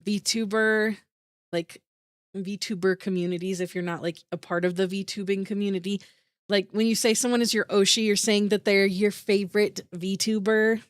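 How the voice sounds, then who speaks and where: A woman's voice: mid-range voice, steady tone, normal speed, no echo, studio quality. A woman streamer chatting casually with her viewers, bubbly and giggly, full of "like" fillers, with an emotional voice that rises into teary squeals.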